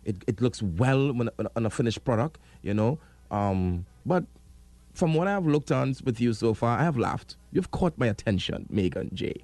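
A man's voice: medium pitch, expressive, moderate pace, darkish tone, no echo. A Trinidadian man in his thirties hosting an interview, earnest and hesitant, restarting his sentences often. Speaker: interview host. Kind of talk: casual interview.

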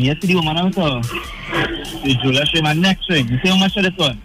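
A man calling in to a radio show and telling a joke in a fast, animated way. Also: mid-range voice. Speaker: radio caller. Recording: phone call on air with music.

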